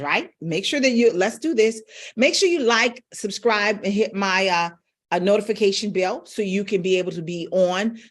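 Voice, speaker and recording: A middle-aged woman vocal coach giving a live-streamed voice lesson, speaking directly to her viewers. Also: lowish voice.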